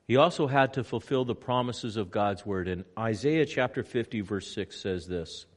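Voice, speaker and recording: A man preaching a sermon with slow, emphatic delivery, swinging between loud passages and hushed ones. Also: fairly low pitch. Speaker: pastor. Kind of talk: sermon on location.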